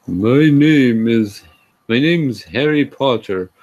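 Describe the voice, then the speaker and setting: Brief: shy moping goth vampire boy, teenage, slow and soft, read by a man. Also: medium pitch, animated, pitched above the performer's own voice. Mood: mopey.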